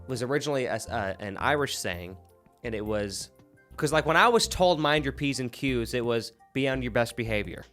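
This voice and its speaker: A man talking as a podcast host in loose, friendly chat. He laughs easily and trips over his restarts, and his voice sits at an ordinary middle pitch. Faint music runs quietly underneath. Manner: laughs often, halting restarts. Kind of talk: casual chat.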